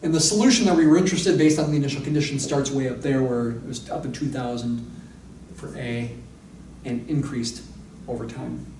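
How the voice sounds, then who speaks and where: A man's voice: mid-range voice, a little fast, distant mic, background noise. A man lecturing on mathematics, explaining step by step and thinking aloud with asides. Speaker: math lecturer. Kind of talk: recorded university lecture. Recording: echoey room, voice a little off-mic.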